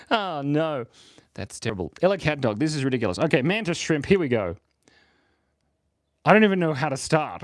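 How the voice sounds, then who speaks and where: A chatty man doodles live for his viewers, rambling and joking as he draws. His voice bounces around with a lively, sing-song lilt. The sound is dry and close, with no room echo. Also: mid-range voice. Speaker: live-streaming artist. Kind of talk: casual livestream chat while drawing. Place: home studio in Australia.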